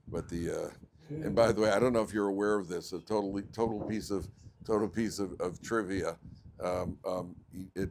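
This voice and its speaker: A man with an American accent, a rabbi giving a joking, digressive Torah lecture with sudden jumps in pitch. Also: background noise. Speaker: rabbi teaching a weekly Torah class.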